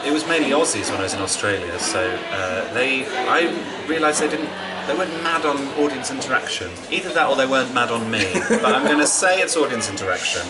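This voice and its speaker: A wry, easygoing male comedian talking in a relaxed backstage interview in a venue basement. He sits well back from the mic, and loud music plays behind him. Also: medium pitch, fast talker, few pauses, distant mic, poor audio. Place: basement under the stairs of a venue.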